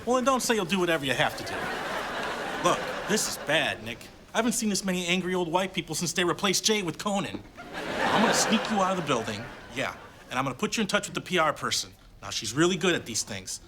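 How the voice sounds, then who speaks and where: An actor playing a frantic, sarcastic male boss, talking in a rapid, animated way, in a sitcom with audience laughter. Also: fairly high pitch, very noisy, close to an everyday voice.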